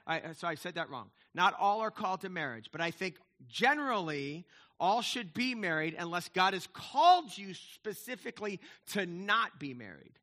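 A man's voice: high-pitched, pushed and bright. A man in his fifties, a pastor giving a chatty, digressive sermon with frequent asides to the congregation. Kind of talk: conversational sermon.

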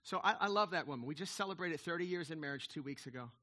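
A man's voice: a little high, lively intonation, fast, pushed and bright. A man in his fifties, a pastor giving a chatty, digressive sermon with frequent asides to the congregation. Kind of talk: conversational sermon.

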